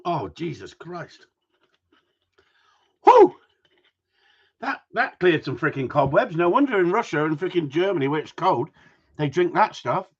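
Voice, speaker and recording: A man's voice: fairly high pitch, expressive, a little fast, a bit bright, breathy edge. A man, a gundog trainer, chatting casually with viewers outdoors in the cold, reading their comments and joking as he rambles. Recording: muffled lo-fi sound.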